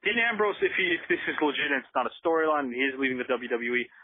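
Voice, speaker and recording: A man's voice: a little high, expressive, very fast, breathy edge, no echo. A man co-hosting a podcast in a casual chat, talking in rambling, self-correcting stretches of opinion. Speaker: podcast co-host. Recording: tinny phone-like, dry sound.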